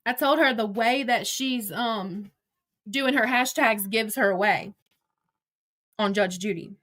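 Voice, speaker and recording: A woman's voice: a little high, takes it slowly, fairly bright tone. A middle-aged woman hosting a livestream, ranting in a combative, profane way and talking straight to her chat and her critics. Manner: talks to chat and absent critics directly. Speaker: livestream host. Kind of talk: heated livestream rant.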